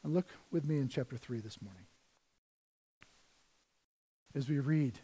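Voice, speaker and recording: A man preaching a conversational sermon as pastor, swinging between loud emphasis and quiet asides. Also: mid-range voice, unhurried, pauses often, husky. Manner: conversational preaching, rises and drops in volume.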